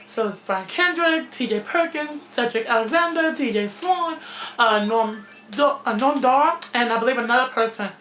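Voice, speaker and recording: A woman giving a casual, opinionated wrestling review, blunt and outspoken and quick to swear, recorded in a gym. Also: on the high side, animated, fairly bright tone. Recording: echoey gym room.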